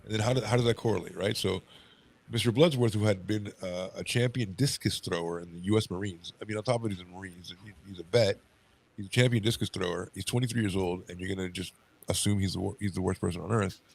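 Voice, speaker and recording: A man's voice: low-pitched, fairly even intonation, fast talker, creaky, slightly rough, low-quality recording. A man with a stuffy nose co-hosting a casual podcast, reading case notes aloud, tripping over words and breaking off to chat. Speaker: podcast co-host.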